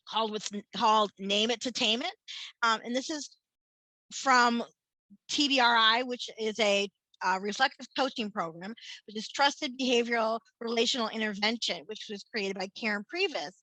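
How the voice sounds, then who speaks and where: Bright-voiced woman explaining therapy techniques. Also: on the high side, dry recording, rough recording. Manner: earnest, explanatory, frequent restarts and repeated words. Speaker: family therapist presenting a workshop. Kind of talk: conference workshop talk.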